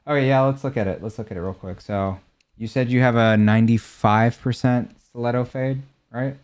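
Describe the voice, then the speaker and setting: A man's voice: medium pitch, fairly even intonation, normal speed, darkish tone, clean tone. A young man streaming a game, chatting casually and answering viewers' questions about gear and ranks. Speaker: gaming streamer. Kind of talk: casual chat while showing game skins.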